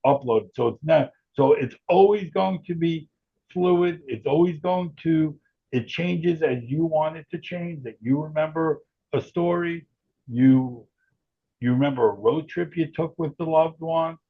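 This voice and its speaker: A gravelly, husky-voiced man talks at an even middle pitch as an interview guest, explaining things in a loose, rambling way. The audio is dull and lo-fi. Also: a little slow. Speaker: guest, tech founder.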